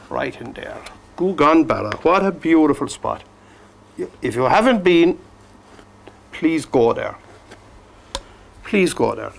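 A man, his voice a touch high and gravelly with fry. He walks through a painting demonstration in a gentle, coaxing way. There is a faint hiss of noise behind him. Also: lively intonation, a little slow, pauses often. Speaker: painting instructor.

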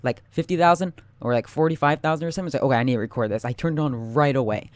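A man's voice: mid-range voice, racing, no echo. Young guy freaking out over his game live, talks right to viewers, dry close mic. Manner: excitable, panicky, talks straight to viewers. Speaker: gaming YouTuber. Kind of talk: live gameplay commentary.

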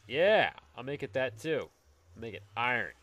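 This Let's Play host, recording at home, keeps up casual gameplay commentary, joking and rambling to himself as he builds. He speaks at a normal speed in a medium, slightly bright voice whose pitch swings widely.

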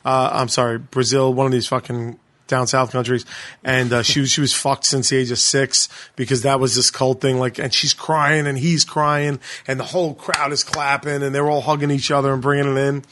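A man's voice: medium pitch, moderate pace. Man telling a story with constant swearing. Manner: profane, animated storytelling. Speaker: podcast co-host. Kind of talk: casual chat.

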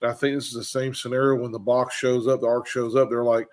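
A man leading a casual group bible discussion, talking in an animated way and acting out the people he quotes. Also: mid-range voice, fast talker, hardly any pauses. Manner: animated, acts out quoted characters. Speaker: bible study leader.

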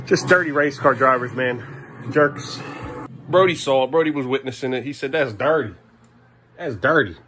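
A man in his thirties filming a casual home vlog as a father, coaxing his young kids upbeat, then dropping to low tired asides for the camera. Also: fairly bright tone. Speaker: father and vlogger. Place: family home indoors.

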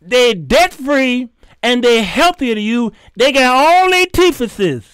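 High-voiced man ranting like a preacher. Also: very animated, slow pace, a bit bright, smooth, no echo, clean studio sound. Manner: preachy, scolding, repeats phrases for emphasis. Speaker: host. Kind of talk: heated commentary rant.

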